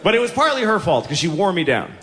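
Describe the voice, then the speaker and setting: Animated stand-up comedian man in his forties. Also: high voice, fast talker. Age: 40s. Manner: animated, profane storytelling full of exasperated self-mockery. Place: stage before a laughing audience. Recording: noisy live recording with audience laughter.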